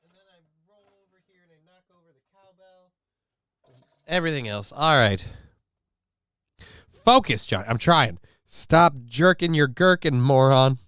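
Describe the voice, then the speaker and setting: A man's voice: mid-range voice, sing-song, moderate pace, pauses often, pushed and bright, clear, resonant tone, no room sound, clean studio sound. A middle-aged man hosting a live stream, chatting casually, reading news and making sarcastic, rambling asides with mock-indignant questions. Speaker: live-stream show host.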